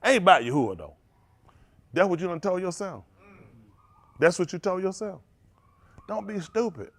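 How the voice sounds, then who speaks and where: Animated preacher man with a high, swooping voice. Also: normal speed, gravelly. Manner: animated, confrontational preaching with congregation call-outs. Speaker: pastor. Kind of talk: sermon.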